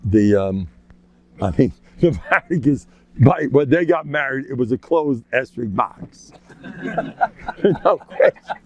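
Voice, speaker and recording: A man giving an informal, joking religious talk, animated and acting out quotes in sudden high voices. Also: slow pace, pauses often, dull audio. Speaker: religious lecturer. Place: local community gathering.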